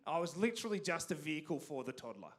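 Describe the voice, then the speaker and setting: A man's voice: a little high, sing-song, quick pace. A man with an Australian accent from Canberra doing a stand-up comedy set on a theatre stage, self-deprecating and stumbling over restarts.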